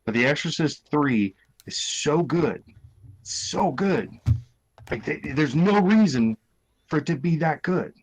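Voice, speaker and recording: A man co-hosting a casual podcast chat, talking in halting bursts full of ums and restarts. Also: a little high, lively intonation. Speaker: podcast co-host. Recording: dull lo-fi audio.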